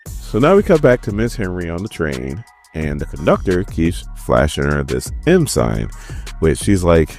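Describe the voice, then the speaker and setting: A man's voice: extremely low pitch, lively intonation, normal speed, a little mellow, faint music behind. A man casually recapping a comic book issue, joking and chatting directly to his viewers.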